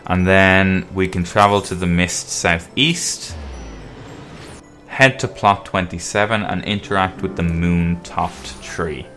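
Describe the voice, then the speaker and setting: Man, game guide host, casual walkthrough talk, low voice, bright sharp tone. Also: slow, soft background music. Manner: relaxed, explaining as he plays, with frequent um and uh. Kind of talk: casual gameplay walkthrough commentary.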